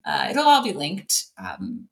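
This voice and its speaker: A woman's voice: mid-range voice, big pitch swings, slow, vocal fry. A woman co-hosting a podcast in casual, chatty talk, candid and jokey, with many fillers. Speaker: podcast co-host.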